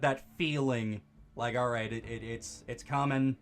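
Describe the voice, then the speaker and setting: A young man giving goofy, rambling let's play commentary, breaking into excited high-pitched exclamations. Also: unhurried. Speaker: streamer.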